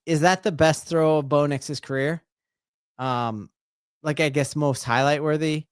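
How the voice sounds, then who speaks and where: A man hosting a live play-by-play watch-along as a sports fan, excitable and breaking into shouted exclamations, rambling and restarting his sentences. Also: on the high side, unhurried, smooth, no room sound, studio quality. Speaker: sports fan stream host.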